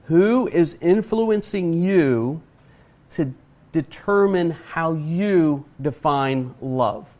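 Middle-aged male preacher, sermon delivery, earnest and emphatic, slightly raised pitch. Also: lively intonation, darkish tone. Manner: earnest, emphatic, speaks slowly to stress points; asks the audience direct questions.

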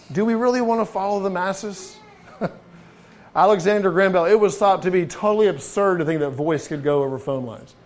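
High-voiced man preaching conversationally. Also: a little mellow. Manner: conversational, asks the listeners rhetorical questions; frequent restarts and repeated words. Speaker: pastor. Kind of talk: sermon.

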